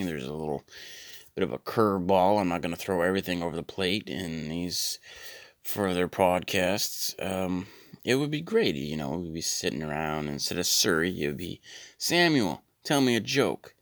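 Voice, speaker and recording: A man in his thirties hosting a podcast, rambling through a deadpan comic monologue with lots of stammered repeats. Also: low-pitched, moderate pace, no room sound, clean studio sound. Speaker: podcast host. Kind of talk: comedic monologue.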